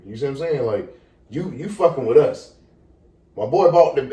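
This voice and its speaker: A young man casually telling a story on a podcast, animated and profane, acting out the people in it. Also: medium pitch, fast. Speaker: podcast co-host. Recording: echoey room, far from the mic.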